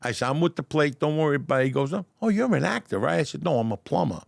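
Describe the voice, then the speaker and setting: An older man with a New York accent telling stories in a casual interview, animated and stammering over his starts. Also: a little high, fast talker, vocal fry, no room sound, clean studio sound. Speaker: guest, deli owner turned actor. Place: restaurant dining room.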